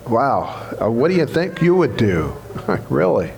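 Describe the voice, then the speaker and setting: A man's voice: medium pitch, very animated, unhurried, gravelly, a little mellow, slight background noise. A man preaching a sermon as pastor. He is emphatic, repeats key phrases and asks the congregation questions. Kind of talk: Easter sermon.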